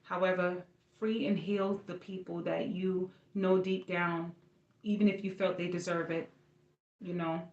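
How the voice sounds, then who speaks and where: A woman's voice: fairly low pitch, flat delivery, measured pace, a little mellow, highs cut off. A woman giving a casual astrology reading, talking to viewers in a loose, slangy, rambling way. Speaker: astrology reader. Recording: roomy echo.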